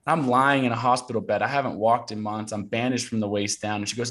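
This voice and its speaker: This guest, a Portland, Oregon man in his thirties, shares a personal story in a casual interview, talking fast with few pauses in a medium-pitched voice. He comes across as earnest and animated, often using fillers and starting sentences over.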